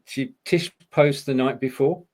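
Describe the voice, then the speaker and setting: A man, hosting a live online chat show, steering it along briskly and genially. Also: medium pitch, steady tone, a little mellow. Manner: genial, brisk show-running with quick agreements. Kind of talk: casual chat on a live video call.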